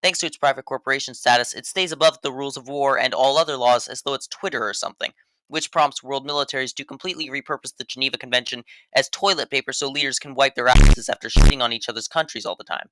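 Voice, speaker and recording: A man's voice: mid-range voice, quick pace, sharp tone, dry recording. A man narrating a scripted video game review voice-over in a sarcastic, mock-serious way.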